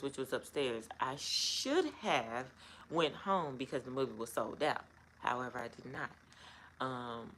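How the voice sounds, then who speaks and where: A woman's voice: a bass voice, slight background noise, low-quality recording. A middle-aged woman telling a personal story to camera in a casual, rambling way, full of "um" and "like". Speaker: vlogger.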